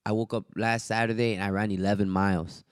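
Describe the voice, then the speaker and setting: A low-voiced man talks fast, his tone clean and studio quality with no room sound. He's a fighter telling profane stories in a relaxed podcast chat, animatedly acting out quotes loudly.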